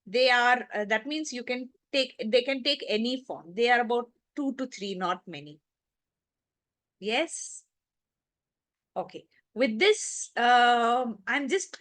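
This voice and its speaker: A woman's voice: high voice, a bit bright, dry recording. Teacher woman drilling word forms, dry sound. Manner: explains step by step, repeats word forms aloud, checks in with the class. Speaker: English teacher. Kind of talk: online class lesson.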